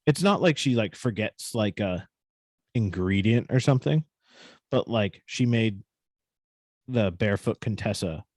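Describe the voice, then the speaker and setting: A man's voice: lowish voice, animated, unhurried, long pauses, a little mellow, no echo. A man co-hosting a podcast, telling a story in casual, profane chat with a New England accent. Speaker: podcast co-host.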